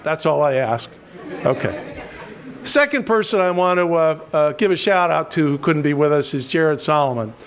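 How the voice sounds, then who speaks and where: A man with a notably high voice emcees a political rally, stumbling through restarts and tossing in self-deprecating jokes. He is from western Pennsylvania and keeps things loose between speakers. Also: expressive, normal speed, a faint crowd.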